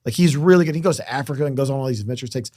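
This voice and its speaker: A man guesting on a podcast in casual chat, an excitable anecdote teller who swears freely. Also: mid-range voice, racing, dry recording, studio quality. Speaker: guest musician.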